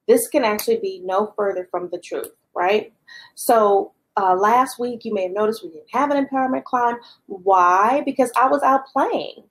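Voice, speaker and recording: A woman's voice: mid-range voice, moderate pace, a little hiss or hum, rough recording. A woman giving an upbeat, encouraging talk as a leadership coach, repeating key phrases for emphasis and speaking faith-based affirmations. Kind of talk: motivational talk to listeners.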